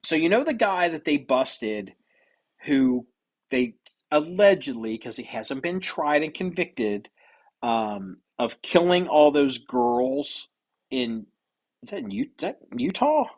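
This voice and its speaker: A man's voice: on the high side, big pitch swings, takes it slowly. A man hosting a podcast, telling stories in loose, rambling casual chat with some swearing. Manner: rambling, profane storytelling. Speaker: podcast host.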